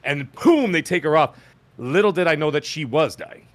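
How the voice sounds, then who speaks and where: A man hosting a podcast, telling a long personal story in casual chat and acting out the people he quotes. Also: moderate pace. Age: adult with children. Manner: animated, acts out quoted voices with pitch jumps. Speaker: podcast host.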